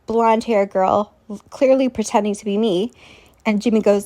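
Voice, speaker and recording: A woman vlogger tells her viewers a long, rambling story directly, sounding incredulous and scornful and often stopping to ask them questions. Her voice is medium-pitched and warm, with fairly even intonation at normal speed.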